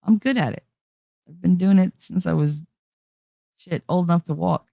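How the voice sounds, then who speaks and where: A woman's voice: lowish voice, normal speed, gravelly, mellow, no room sound. A woman hosting a casual livestream chat, talking candidly and confidingly, swearing freely and laughing often. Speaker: livestream host.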